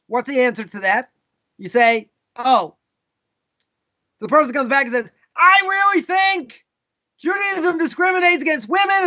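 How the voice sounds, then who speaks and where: A man with a Boston accent teaches a live Torah class as a rabbi, his voice very high and bright. He tells stories and acts out people's questions in quoted voices. The audio is dull and lo-fi, like a live stream.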